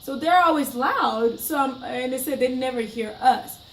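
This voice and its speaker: A young woman recounts a story to camera in a chatty, emphatic way, with a fairly high voice. The room sounds echoey and the mic sits some way off, with a faint hiss underneath. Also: moderate pace, a bit bright. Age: young adult. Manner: chatty, emphatic, dramatic retelling. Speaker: vlogger. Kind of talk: casual storytime monologue. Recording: roomy, mic at a distance.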